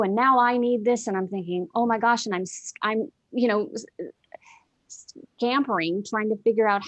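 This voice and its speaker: A woman's voice: medium pitch, no room sound. Earnest woman in spiritual talk. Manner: earnest, repeats phrases for emphasis, many "you know"s. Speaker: guest. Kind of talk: heartfelt spiritual conversation.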